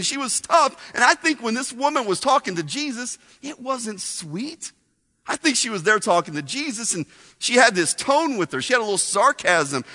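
Animated high-voiced male preacher. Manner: animated storytelling with asides to the congregation. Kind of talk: sermon. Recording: long hall reverb.

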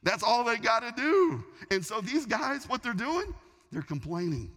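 Lively, bright-voiced male preacher in a hall. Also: extremely high pitch, measured pace. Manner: animated storytelling with frequent restarts. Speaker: pastor. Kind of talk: sermon. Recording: long reverb of a large hall.

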